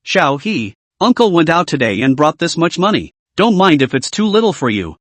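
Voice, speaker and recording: A man's voice: a little high, big pitch swings, normal speed, no room sound. A man voicing a humble, cautious middle-aged uncle who speaks sheepishly.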